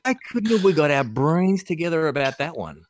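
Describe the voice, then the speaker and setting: A man's voice: on the high side, brisk, no echo, clean studio sound. A man with an Australian accent, chatting as a podcast guest and telling stories with lots of laughs. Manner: animated storyteller who laughs often and acts out quotes. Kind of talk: casual chat.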